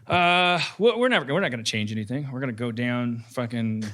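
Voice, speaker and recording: A man hosting a podcast in casual talk, rambling and animated, swearing freely and joking between points. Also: mid-range voice, a little fast. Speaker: podcast host.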